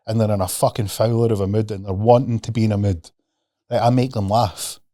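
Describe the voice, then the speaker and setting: Animated man, dry close sound. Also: fairly low pitch, brisk, no room sound. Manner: animated, swears freely, acts out quoted voices. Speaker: podcast guest, mindset coach. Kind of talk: casual podcast conversation.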